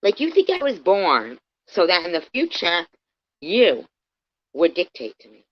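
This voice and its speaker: On a livestream, a low-voiced woman angrily rants at someone she despises, swearing constantly and swinging between muttering and loud outbursts with huge pitch changes at an unhurried pace. The stream audio sounds dull and lo-fi.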